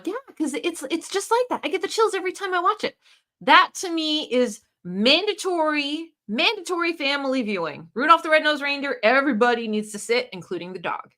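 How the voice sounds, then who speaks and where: A woman from the United States hosting a casual livestream, chatting and reading viewer comments aloud in an animated way. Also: moderate pace. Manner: chatty and animated, pitch leaping up and down. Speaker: livestream host.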